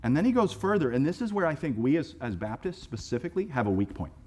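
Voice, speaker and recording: A man preaching in a church, talking in a relaxed and lively way and slipping into acted-out voices. His voice sits a little high for a man. He often repeats a word before he gets a phrase going. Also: fast talker. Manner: conversational, animated preaching with acted-out quotes; repeats words when starting phrases. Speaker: pastor. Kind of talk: sermon. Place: church sanctuary.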